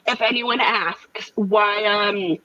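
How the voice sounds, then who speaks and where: A woman guest telling a lively story in casual chat, acting out quotes with laughs. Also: medium pitch, slow pace, no echo, highs cut off.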